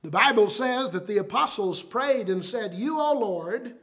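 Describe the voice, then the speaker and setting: A man with a high voice delivers a sermon. He speaks earnestly and leans hard on key words. He quotes scripture at length. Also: lively intonation, measured pace, fairly bright tone. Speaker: preacher.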